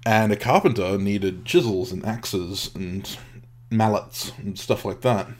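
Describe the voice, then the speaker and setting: A man's voice: fairly low pitch, a little slow, slight background noise. A man co-hosting a craft podcast in casual chat, rambling with many restarts and frequent laughter. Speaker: podcast co-host.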